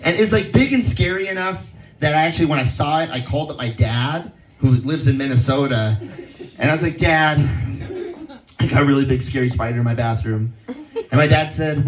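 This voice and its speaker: A man's voice: fairly high pitch, a little hiss or hum. A man in his thirties performing a stand-up comedy set, with a laid-back stoner delivery and rhyming riffs. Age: 30s. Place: live comedy show venue. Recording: roomy live venue, distant mic, loud crowd laughter.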